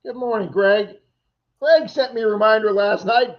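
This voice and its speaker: A man's voice: high-pitched, moderate pace. A man co-hosting a casual livestream chat, telling rambling stories and acting out other people's lines. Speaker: livestream co-host. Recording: dull lo-fi stream audio.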